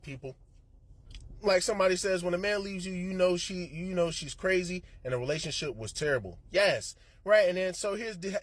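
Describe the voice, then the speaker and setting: A man's voice: a little high, slightly rough. A man hosting an opinionated reaction commentary, preaching emphatically straight to his viewers. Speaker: commentary show host.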